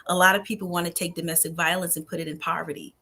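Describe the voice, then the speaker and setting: A woman's voice: lowish voice, level tone, racing, bright, forceful tone, breathy edge. A woman guest on a podcast, earnestly telling her personal story and sometimes dropping to a near whisper. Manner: earnest and heartfelt, drops to a near whisper at tender moments. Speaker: guest, nonprofit founder.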